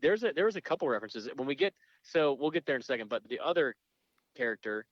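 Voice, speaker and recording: A man co-hosting a podcast, walking through a movie plot in an easygoing way with plenty of fillers. His voice sits at a middle pitch. The sound is dry and slightly dull. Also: lively intonation, quick pace, no echo. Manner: easygoing, filler-heavy summarizing. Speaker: podcast co-host. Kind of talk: casual movie discussion.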